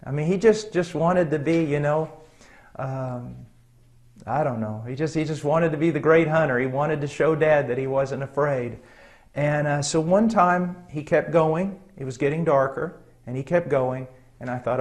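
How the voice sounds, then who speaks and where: Delivering a sermon, this middle-aged man shares a personal story with earnest, conversational warmth. He speaks with a somewhat high voice, breaking frequently for pauses and gentle chuckles.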